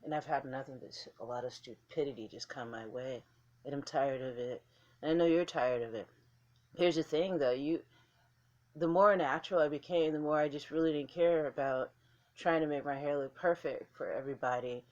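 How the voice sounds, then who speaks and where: A woman's voice: low voice, moderate pace, highs cut off. Blunt, profane woman vlogging. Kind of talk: casual talk to camera.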